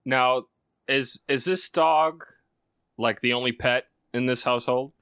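A man's voice: medium pitch, steady tone, measured pace, pushed and bright, clean tone, no echo. A man in casual chat, making dry, blunt, teasing remarks.

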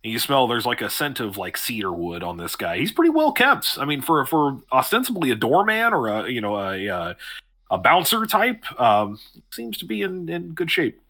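A man's voice: medium pitch, wildly swooping pitch, moderate pace, sharp tone. A man narrating a tabletop game as game master, describing scenes in a rambling way with many ums and restarts.

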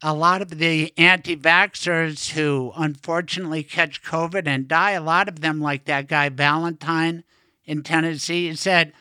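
Bright-voiced chatty male host. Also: fairly high pitch, steady tone, clear, resonant tone, no room sound. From Colorado. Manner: quick, chatty, interrupts to add points. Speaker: podcast host, lawyer. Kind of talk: conversational interview.

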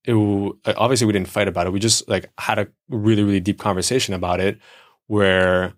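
A man's voice: fairly low pitch, steady tone, brisk. A man co-hosting a podcast, talking through relationship advice in a reflective, casual way with everyday examples. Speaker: podcast co-host. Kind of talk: casual chat.

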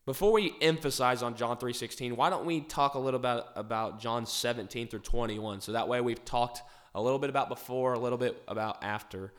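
A man hosting a Bible study who guides the discussion and reads verses aloud in a measured way, building emphasis on the key lines. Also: medium pitch, fairly even intonation, fairly bright tone. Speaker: host leading a Bible study. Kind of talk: conversational Bible study with scripture reading.

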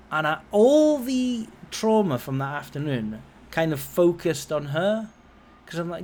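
A man in his forties, a podcast host, telling a long personal story in a casual, rambling way, with his voice rising and falling as he goes. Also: slow. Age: 40s. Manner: rambling, conversational, lively swings in pitch and loudness.

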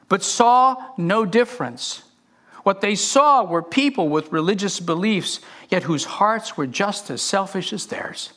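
A man preaching a sermon with a rather high voice that swoops and rises all over the place. He speaks with passion, often repeating words and restarting his phrases as he builds his point. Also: a bit bright. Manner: impassioned, with repetitions and restarts. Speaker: pastor.

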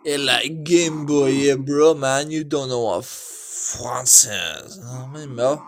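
A man's voice: mid-range voice, slow. A drunk young man, live-streaming and ranting brashly to his chat with lots of swearing and slang. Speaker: livestreamer. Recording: noisy background.

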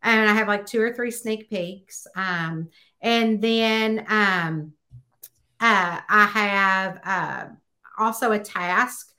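A woman author chatting in a podcast interview, telling stories and acting out bits of dialogue with high, excited exclamations. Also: slow pace. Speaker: guest author.

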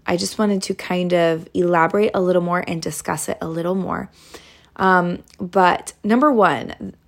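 A woman hosting a relationship advice podcast, talking gently and casually with lots of fillers and restarts. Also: fairly low pitch, vocal fry.

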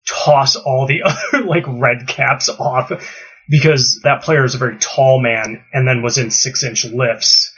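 A man gushes enthusiastically about a live-action game night in casual chat. His voice has a slightly husky edge. The recording sounds dull and lo-fi. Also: medium pitch, pushed and bright. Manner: enthusiastic, gushing.

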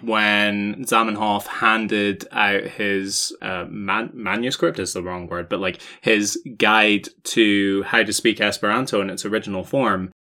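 A man's voice: lowish voice, sharp tone. A young man co-hosting a casual podcast chat in a playful, joking way. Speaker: podcast co-host.

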